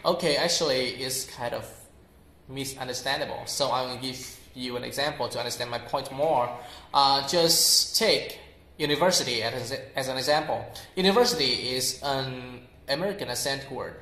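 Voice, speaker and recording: A young man with a Vietnamese accent teaches English in a relaxed, unscripted way. He pauses often with "uh" and says example words over and over, at a middling pitch. His voice echoes around the room. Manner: explains slowly with many fillers and repeats example words aloud. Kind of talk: informal spoken lesson.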